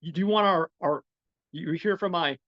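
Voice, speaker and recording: A frazzled restaurant owner, stressed to the bone and stammering in panic, as a man puts him on. The pitch jumps higher when he yells. The sound is dry and a little dull. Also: fairly even intonation, unhurried, dry recording, natural voice. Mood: panicked. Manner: shouting in disbelief, flustered and stammering.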